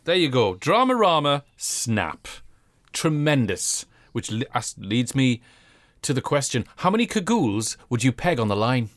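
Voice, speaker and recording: British male podcast co-host, very lively pitch, jokey, dry close recording. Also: a little slow, no echo. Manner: chatty, jokey, animated storytelling. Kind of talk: casual chat review.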